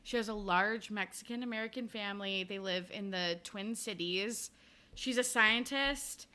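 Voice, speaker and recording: A woman's voice: mid-range voice, moderate pace, bright, forceful tone, smooth. A woman hosting a book podcast, chatty and casual, recapping a novel with a laugh and the odd swear. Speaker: podcast host.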